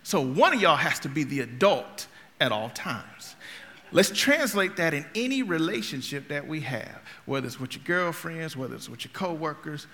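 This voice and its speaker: A man preaching a sermon in a conversational, humorous way, telling stories and swinging between quiet talk and loud outbursts. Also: on the high side, big pitch swings, normal speed, big-room sound.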